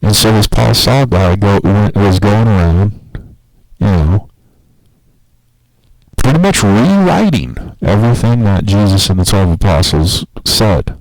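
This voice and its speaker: Man, lowish voice, dry close sound, casual podcast rant, profane and rambling. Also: a little slow, no echo, rough recording. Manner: profane, rambling, animated storytelling. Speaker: podcast host.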